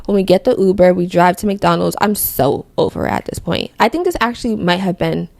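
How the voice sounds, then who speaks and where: A woman's voice: lowish voice, very animated, fairly quick, vocal fry, darkish tone, no room sound. A young woman from Connecticut hosting a podcast, telling a personal faith testimony in a rambling, self-correcting way. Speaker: podcast host.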